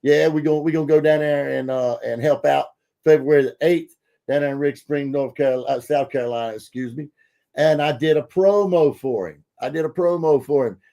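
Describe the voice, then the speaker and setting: A man's voice: a little high, a little fast, vocal fry. Folksy man hosting a podcast. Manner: folksy, filler-heavy, excitable. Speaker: podcast host. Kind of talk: casual podcast chat.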